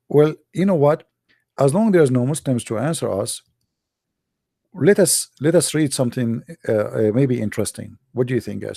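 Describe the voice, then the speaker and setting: A man talks straight into the mic as a call-in host, his voice dark and gravelly. He mocks and teases in a sing-song way, repeating himself, and often clears his throat. The sound is close and dry, with no room around it. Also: medium pitch, no room sound. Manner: mocking, repetitive taunting, sing-song teasing; broken English grammar, frequent throat clearing. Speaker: host of a call-in religious debate show. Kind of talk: live call-in show monologue.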